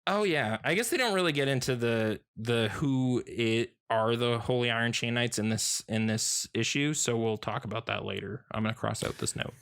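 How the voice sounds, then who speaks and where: A man in casual podcast conversation who talks in loose, rambling runs full of fillers and restarts, often breaking into a laugh. His voice sits at an ordinary middle pitch. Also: normal speed, gravelly, a bit bright, clear, resonant tone. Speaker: podcast co-host. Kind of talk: casual chat about a comic.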